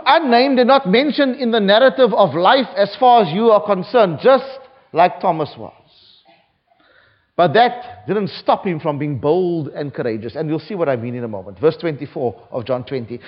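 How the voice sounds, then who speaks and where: High-pitched, animated male preacher. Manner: animated, dramatic delivery. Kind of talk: sermon with scripture reading. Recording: dull lo-fi recording.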